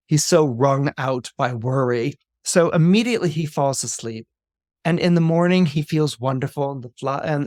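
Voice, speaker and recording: A man on a podcast retelling a fairy tale film in an animated storytelling way, with many fillers and restarts. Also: on the high side, no echo, studio quality. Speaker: astrologer podcast guest.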